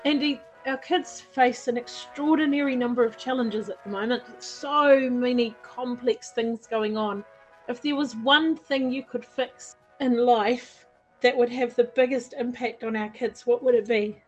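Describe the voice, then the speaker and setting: A woman hosting a radio interview, asking measured, thoughtful questions. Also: a little high, fairly even intonation, highs cut off, soft background music. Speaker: radio show host.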